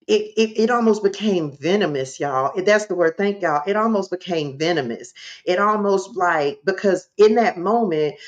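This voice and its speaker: A woman, a spiritual coach, telling a personal story to her livestream viewers in an animated, direct way. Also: on the low side, lo-fi sound.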